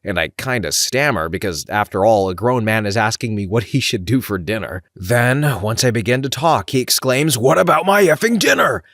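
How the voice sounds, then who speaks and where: A man reading anonymous workplace stories aloud in an expressive, sarcastic storytelling manner. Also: lowish voice, normal speed, few pauses, no echo, studio quality. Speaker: story reader.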